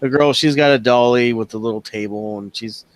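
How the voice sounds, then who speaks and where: A man's voice: mid-range voice, a little fast. A man narrating as dungeon master in a loose, casual way, with the odd swear word. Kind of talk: narrating a tabletop game.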